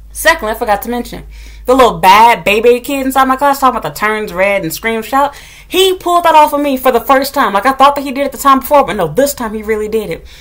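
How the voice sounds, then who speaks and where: A blunt woman venting straight to camera about a hard day of substitute teaching. She talks in loose slang and swears freely, with a mid-range voice. She gets louder and more heated whenever she relives telling someone off. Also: medium pitch. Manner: animated, gets loud when retelling scolding. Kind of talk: casual storytelling rant to camera.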